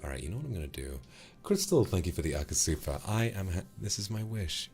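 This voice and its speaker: A man with a British accent doing live gaming commentary, joking, profane and animated. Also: deep voice, quick pace, noisy background. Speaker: streamer.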